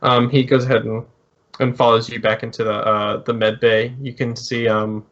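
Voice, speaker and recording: A man as game master, narrating a tabletop game with hesitant pauses and restarts. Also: medium pitch, level tone, fairly bright tone, dull audio. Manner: hesitant, lots of ums and restarts.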